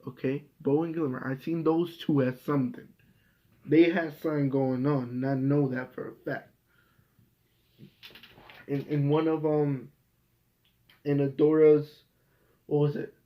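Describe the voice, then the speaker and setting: A man's voice: on the high side, steady tone, measured pace, long pauses. A young man hosting a casual review show, ranting in an exasperated, profane way. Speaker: host. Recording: dull lo-fi home recording.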